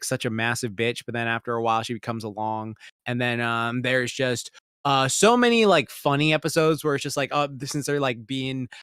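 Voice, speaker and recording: A podcast co-host with a mid-range, slightly bright, clean voice gives a loose, rambling review, packed with fillers and swearing and breaking into heated outrage. The recording is dry, with clean studio sound.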